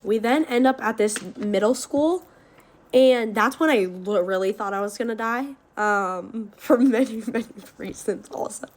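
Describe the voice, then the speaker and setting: An eighteen-year-old woman telling a story in a casual, profane way, rushing through parts, laughing and shrieking when she acts out scenes. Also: a little high. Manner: rapid, profane, laughing between lines, shrieking when reenacting.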